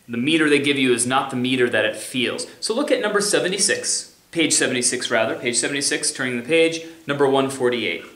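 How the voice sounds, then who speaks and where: A medium-pitched, sharp-toned man casually teaches music theory in a recorded remote lecture, scatting rhythms and singing them to demonstrate. The recording has an echoey room sound.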